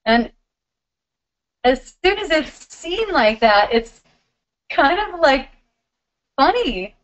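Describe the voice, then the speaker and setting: A middle-aged woman hosting a live spiritual question-and-answer stream, talking in a warm, giggly, loving way. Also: high-pitched, sing-song, slow, lo-fi sound.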